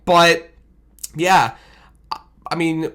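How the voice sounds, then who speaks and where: A man giving a casual, animated recap of his team's loss as a fan commentator, self-deprecating and rambling, talking into a desk microphone. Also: a little high, very slow, smooth. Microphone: desk microphone on camera.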